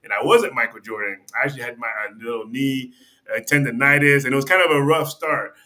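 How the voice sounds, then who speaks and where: A man talks as a podcast guest, telling a story in a loose, conversational way full of "you know" and "like." His voice is bright and forward, at an ordinary pitch for a man, and he often restarts his sentences and voices the people in his story. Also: fast. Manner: rambling, restarts sentences, acts out quoted dialogue. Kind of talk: casual storytelling.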